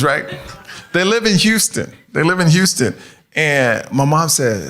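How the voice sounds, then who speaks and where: Animated man doing stand-up, lively pitch. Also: unhurried, noisy background. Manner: animated, laughing at his own jokes. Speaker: stand-up comedian. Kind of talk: stand-up set with crowd work. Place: comedy club stage with audience.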